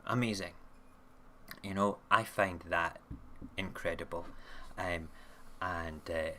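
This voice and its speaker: Recording himself on video through a camera mic, a man runs an online radio show where he drifts casually from one news story to the next, frequently asking "okay?". He speaks slowly in a low, steady voice over background noise.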